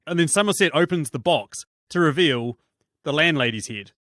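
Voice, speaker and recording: A man's voice: fairly high pitch, expressive, moderate pace, fairly bright tone, dry recording, clean studio sound. Chatty man hosting a podcast. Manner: laughs often, acts out lines in a mocking voice. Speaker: podcast host. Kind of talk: casual podcast chat.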